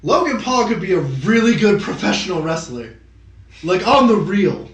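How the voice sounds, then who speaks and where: A young man co-hosting a podcast, rambling and swearing through casual chat and breaking into quick impressions of other people. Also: high-pitched, big pitch swings, far from the mic. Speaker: podcast co-host. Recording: echoey room, off-mic.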